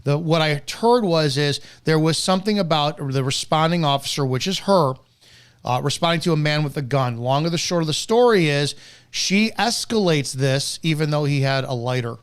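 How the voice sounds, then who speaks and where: A man's voice: a little high, normal speed, clean tone. A man hosting a live commentary show, reacting to news clips in a blunt, profane, ranting way. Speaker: host.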